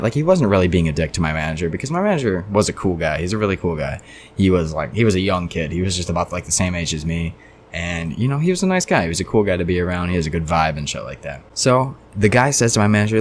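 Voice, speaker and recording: A young man with a very low, deep voice telling a story to camera. He swears freely and rambles off on side tangents in a loose, casual storytime rant. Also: animated, quick pace, slight background noise. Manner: profane, rambling, goes off on tangents. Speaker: storytime vlogger.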